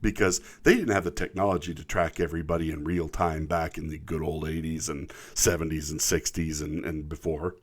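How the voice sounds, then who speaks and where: A man's voice: very deep voice, steady tone, a little fast, hardly any pauses. A man from the United States, a truck driver, ranting in an indignant, emphatic commentary, repeating words when worked up.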